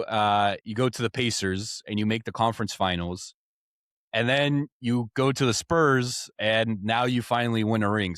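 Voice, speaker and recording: Brief: male host, lower-mid pitch, chatty and meandering, dry studio sound. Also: a bit bright, no room sound. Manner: rambling, leans heavily on "like". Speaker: podcast host. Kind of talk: casual interview.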